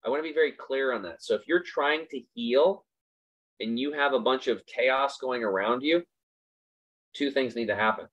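A man's voice: mid-range voice, normal speed, a bit bright. A man hosting a casual motivational talk, speaking emphatically and repeating his points for stress. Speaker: host. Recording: slightly dull lo-fi recording.

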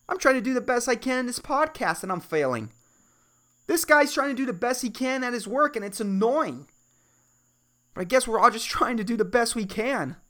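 A man's voice: sits high, pushed and bright. Rambling, swearing man on a comedy podcast. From Puerto Rico. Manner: rambling, swearing, swings between worked-up rants and mumbled asides. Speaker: podcast host. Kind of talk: solo comedy podcast monologue.

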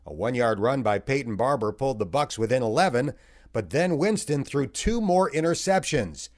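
Give me a man narrating a football game recap with a lively, wry delivery. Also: medium pitch, moderate pace. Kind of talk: scripted sports recap narration.

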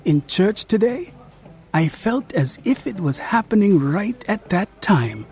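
A narrator voicing a devout young woman who speaks in a soft, near-whispered, tearful voice. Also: mid-range voice, sing-song, measured pace, pitched above the performer's own voice. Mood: hushed.

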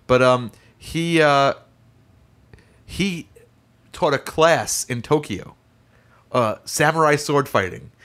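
A young man in casual chat, telling a lively story and acting out the voices of people in it. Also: medium pitch. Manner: animated, acts out voices in stories.

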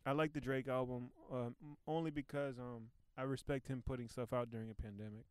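A man hosts a casual comedy podcast from home. He rambles and jokes in a smooth, resonant voice. The sound is close and dry on a new podcast microphone. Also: medium pitch, fairly quick, no echo. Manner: rambling, joking, animated. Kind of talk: casual chat.

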